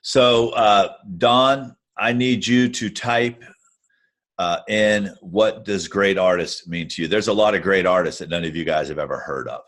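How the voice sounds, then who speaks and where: This is a man with a low voice who is a guest on a Q&A call. His advice comes out blunt and matter-of-fact, and he talks straight to listeners over a video call. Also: a little slow, fairly bright tone. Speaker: guest music-industry adviser. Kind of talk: casual advice in a Q&A.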